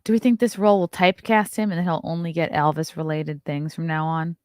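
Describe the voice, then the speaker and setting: Woman morning host, lower voice, chatty and sarcastic, dry close mic. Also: steady tone, a little mellow, no echo. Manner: chatty and wry, quick asides. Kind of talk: casual commentary reading celebrity news.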